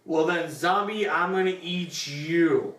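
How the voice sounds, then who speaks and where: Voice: mid-range voice, takes it slowly, fairly bright tone, echoey room, distant mic. A movie reviewer voicing a laid-back tiger shark in a casual, slangy tone.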